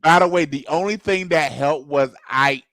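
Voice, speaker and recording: A man's voice: on the high side, moderate pace, a bit bright, no echo, low-quality recording. A man co-hosting a casual podcast, who thinks aloud with restarts and upbeat asides. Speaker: co-host.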